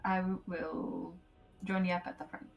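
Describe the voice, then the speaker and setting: A woman playing a tabletop role-playing game who speaks hesitantly, with many pauses. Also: on the low side, little pitch movement, creaky, muffled recording. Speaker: player. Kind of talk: casual tabletop play.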